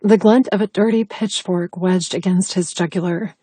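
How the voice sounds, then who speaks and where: A woman narrating an audiobook in the first person, in an intimate, breathy storytelling manner. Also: lowish voice, steady tone, moderate pace, mellow, dry recording.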